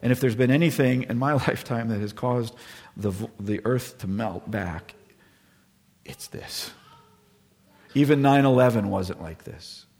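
Middle-aged male pastor, sermon delivery, gravelly husky tone, earnest with hushed solemn drops. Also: medium pitch, a little slow, long pauses, big-room sound.

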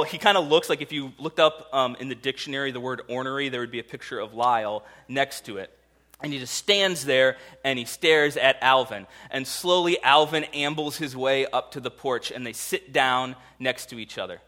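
A man preaching a sermon in a lively storytelling manner, acting out the people in his stories. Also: medium pitch, moderate pace. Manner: animated storytelling, acts out voices in quoted dialogue. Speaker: pastor.

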